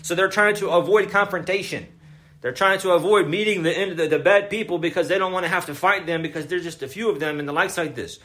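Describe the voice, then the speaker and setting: A man's voice: high voice, quick pace, bright, forceful tone. A man giving a religious lecture, emphatic and repetitive, often asking his listeners questions. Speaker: Islamic lecturer.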